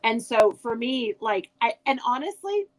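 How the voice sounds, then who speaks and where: A woman's voice: fairly high pitch, sing-song, unhurried, low-quality recording. Chatty older woman telling family stories. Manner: chatty storyteller with frequent restarts. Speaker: guest author. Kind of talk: casual chat.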